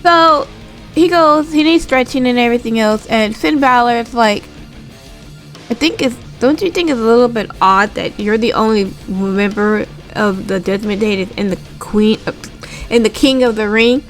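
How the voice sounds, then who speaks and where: A woman casually recapping a wrestling show, retelling scenes with quick impressions and swearing freely. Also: fairly high pitch, soft background music. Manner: animated, swears casually, laughs.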